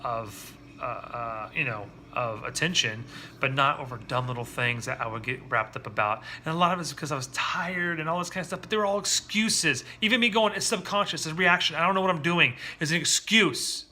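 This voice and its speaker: A man talking candidly and earnestly about his own parenting in a personal vlog, often halting and restarting. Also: medium pitch, pushed and bright. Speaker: father vlogger.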